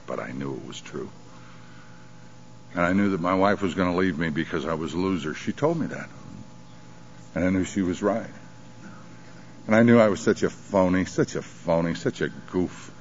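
A man's voice: deep voice, normal speed, slight background noise. A man telling his recovery story at a sobriety conference, confessional and emotional with wry humor, on a dull archival tape. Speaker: recovery meeting speaker.

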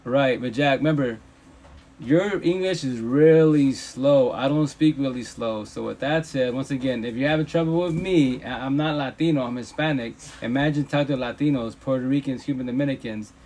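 Male streamer on a phone mic, mid-pitched, preachy, swears a lot, hammers points home. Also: a little fast, hardly any pauses, a little mellow. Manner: emphatic, profane, repeats himself. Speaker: livestream host. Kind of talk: casual preachy rant. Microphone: phone livestream.

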